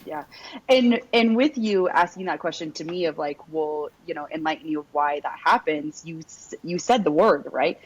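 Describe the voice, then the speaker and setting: On a dull, lo-fi recording, a podcast host with a low, husky voice talks at a moderate pace in casual conversation. She's emphatic and blunt, swears, and relies heavily on "like" and "right?".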